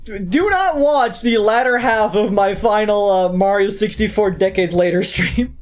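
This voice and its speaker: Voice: mid-range voice, normal speed. A VTuber streamer chatting casually during a game stream, rambling and poking fun at themselves. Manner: rambling, joking, self-mocking.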